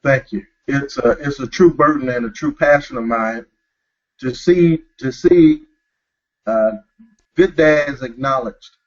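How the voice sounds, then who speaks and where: A man's voice: medium pitch, slow, lo-fi sound. A man hosting a talk show, speaking earnestly and emphatically, often calling listeners brother. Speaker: host.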